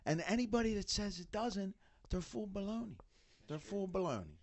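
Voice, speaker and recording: A middle-aged man in casual podcast chat, an animated storyteller who acts out what others said. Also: high-pitched, normal speed. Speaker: band member, father of bandmates.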